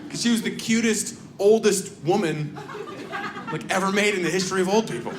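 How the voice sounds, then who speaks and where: Stand-up comic, male, high and lively voice, bursts into shouted bits, live club room echo. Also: fairly quick. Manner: animated, shouts and jumps into silly character voices. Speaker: stand-up comedian. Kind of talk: stand-up comedy set. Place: comedy club stage. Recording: echoey live club recording with noise.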